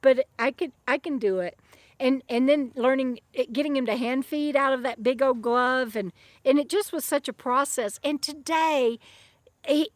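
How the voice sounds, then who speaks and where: A chatty middle-aged woman with a fairly high voice rambles through a casual livestream, stumbling over her restarts as she answers viewers. She talks close to the mic, with a dry sound and little room around her. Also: no echo. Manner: rambling and chatty, with many restarts and fond asides to her dog. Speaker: vlogger and author living in a van. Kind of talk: casual livestream chat reading viewer comments.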